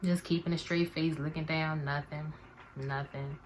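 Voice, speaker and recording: A woman's voice: low voice, flat delivery, normal speed, a little hiss or hum. A young woman in her twenties, chatting animatedly to viewers in a slangy storytime vlog. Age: 20s. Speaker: vlogger.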